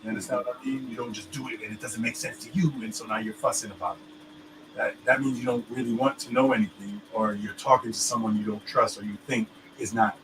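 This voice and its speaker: A man's voice: fairly low pitch, expressive, fast. Man in casual chat, talks loosely, lots of fillers and "you understand?", faint background hum. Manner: loose, filler-heavy explaining, keeps checking "you understand me?".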